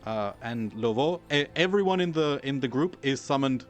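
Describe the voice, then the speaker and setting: Young male game master, casual and halting, mid-pitched, faint music bed. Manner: relaxed, many fillers and restarts. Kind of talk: narrating a tabletop game.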